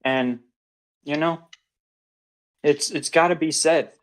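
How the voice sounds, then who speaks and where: A man's voice: fairly high pitch, slow pace, poor audio. A man co-hosting a casual podcast, rambling loosely as he argues his take between bites of food. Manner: relaxed, rambling, arguing his case while eating. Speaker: co-host. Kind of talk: casual chat.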